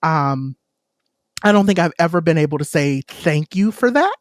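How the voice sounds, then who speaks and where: Effusive woman co-host, warm praise, close dry mic. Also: deep voice, expressive, moderate pace, dry recording. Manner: emotional, effusive. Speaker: podcast co-host. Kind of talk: casual chat.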